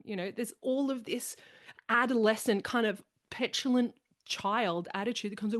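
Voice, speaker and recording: A woman's voice: a little high, animated, normal speed. A woman hosting a podcast in casual conversation, talking animatedly and acting out the people she quotes. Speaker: podcast host.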